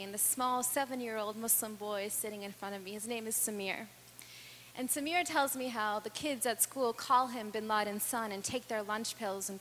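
A woman giving an earnest personal storytelling speech, with dramatic pauses that build in intensity. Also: mid-range voice, a bit bright. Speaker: speaker. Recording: reverberant hall with faint hum.

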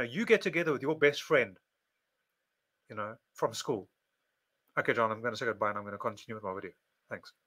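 A man's voice: on the high side, a bit bright. A man giving a casual monologue to camera, speaking in repetitive, list-like phrases. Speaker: video presenter.

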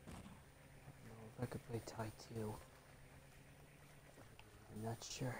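A man's voice: mid-range voice, expressive, slow, long pauses, noisy background. A man giving casual let's play commentary, swearing a lot at the game and dropping into muttered, half-whispered asides.

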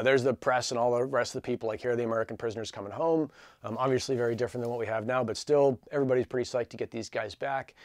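A man in his forties telling a story in a casual, energetic, chatty way, full of fillers like "like" and "dude". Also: mid-range voice, no echo, studio quality. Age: 40s. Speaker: channel host.

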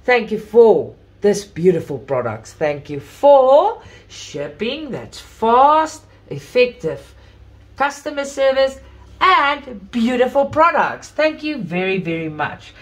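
A woman host chatting to viewers in an unboxing video, gushing with praise, still recovering from an illness with coughs and throat-clearing. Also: on the high side, sing-song, slow pace. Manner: gushing, effusive about everything. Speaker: craft channel host. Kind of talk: casual unboxing chat to viewers.

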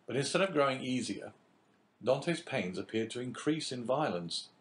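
A man narrating a classic novel as an audiobook in a measured, even reading. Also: medium pitch, a little hiss or hum.

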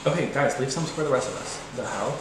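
A man's voice: fast talker, very echoey, heavy background noise. A man giving a casual, self-mocking commentary on a video game he is playing. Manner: playful, self-mocking, sudden high-pitched squeals.

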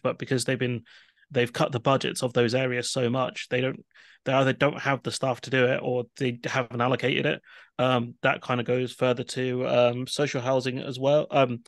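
A man speaks in a flat, level tone with a gravelly fry in his voice. He is measured and hesitant, pausing often on ums, and the sound is dry and close. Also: mid-range voice, no room sound. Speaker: podcast co-host. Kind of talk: casual political discussion.

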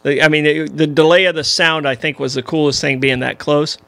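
A man's voice: on the high side, steady tone, brisk, vocal fry, a bit bright, dry recording. A man co-hosting a talk podcast, chatting loosely and running through sponsor reads. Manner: chatty, restarts and laughs between reads. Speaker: podcast co-host. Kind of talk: casual chat and sponsor reads.

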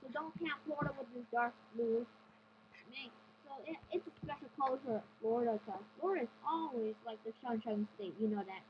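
High-voiced hesitant woman weather presenter. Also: a little fast, background noise. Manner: hesitant, stumbles over place names and apologizes. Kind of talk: amateur weather report read off a map. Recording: dull lo-fi recording.

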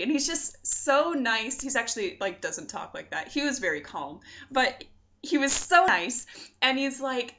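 A woman's voice: on the high side, lively intonation, pushed and bright. A young woman telling her own story in a chatty, casual way, full of "like" and acted-out quotes. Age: young adult. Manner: chatty, quick, full of likes and quoted voices. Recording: dull lo-fi sound.

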